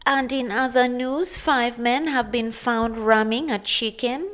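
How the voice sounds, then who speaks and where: A woman voicing a pompous radio news anchor with a slow, measured newsreader delivery. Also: on the high side, fairly even intonation, fairly bright tone. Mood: mock-solemn.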